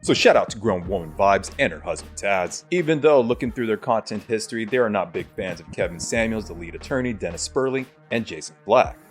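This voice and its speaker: Male host, low voice with a swinging, animated delivery; lectures emphatically in a commentary wrap-up. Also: fairly quick, few pauses, soft background music. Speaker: show host. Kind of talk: commentary sign-off.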